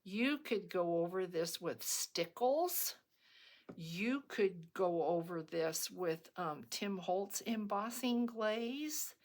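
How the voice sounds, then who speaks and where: A middle-aged woman talks through a craft project in a relaxed, rambling tutorial style, often stopping on an um or starting a sentence over. She speaks at an unhurried, slow pace, and her voice sits a little low for a woman. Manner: chatty and rambling, with frequent ums and restarts. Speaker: crafting video host.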